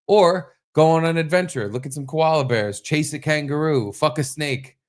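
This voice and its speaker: A man's voice: on the high side, normal speed. Profane, rambling male podcast host. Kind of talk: casual chat.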